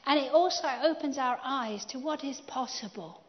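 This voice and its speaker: Upbeat lady hosting a church interview, higher voice, echoey hall. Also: normal speed, lo-fi sound. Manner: lively, laughing, enthusiastic.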